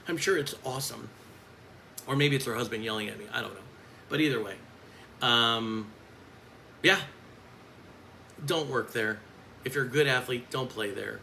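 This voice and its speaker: A man's voice: medium pitch, normal speed, creaky, long pauses, pushed and bright, a little hiss or hum, low-quality recording. Blunt, profane man ranting. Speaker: coach. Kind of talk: angry vlog rant.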